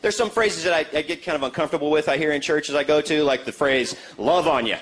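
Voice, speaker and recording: A man performing a stand-up comedy set, animated and putting on voices for the people he quotes. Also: fairly high pitch, quick pace. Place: comedy venue before a live audience. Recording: live show with crowd laughter and noise.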